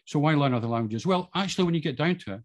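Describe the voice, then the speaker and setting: A man's voice: on the high side, animated, very fast, no room sound. Scottish man, rambling casual talk. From Scotland. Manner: rambling with frequent fillers and restarts. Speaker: podcast guest. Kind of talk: casual monologue.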